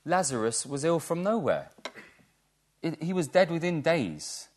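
A man's voice: a little high, very animated, unhurried, a little hiss or hum. A man preaching a sermon in a church, earnest and emphatic, repeating key words for stress.

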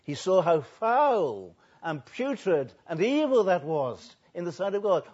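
An older man, a pastor, preaching a sermon, swinging between soft and loud and drawing out words for emphasis. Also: sits high, big pitch swings, unhurried, few pauses, slightly rough. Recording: dull lo-fi recording.

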